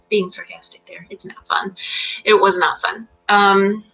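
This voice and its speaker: A middle-aged woman leads a live English lesson from her home, explaining grammar patiently with plenty of ums and light laughter. Her voice is bright and crisp, pitched in an ordinary range. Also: steady tone, a little slow, dull audio. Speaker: English teacher. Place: home in Central Virginia.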